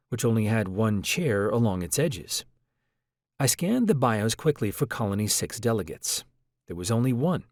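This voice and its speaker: A man reading an audiobook in a measured, reflective first-person narration. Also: medium pitch, big pitch swings, darkish tone, dry recording, clean studio sound.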